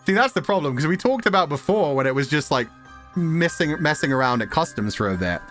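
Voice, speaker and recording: A man's voice: on the high side, expressive, fairly quick, a bit bright, soft background music. A man streaming and chatting casually with his viewers, rambling and laughing often between remarks. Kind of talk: casual livestream chat.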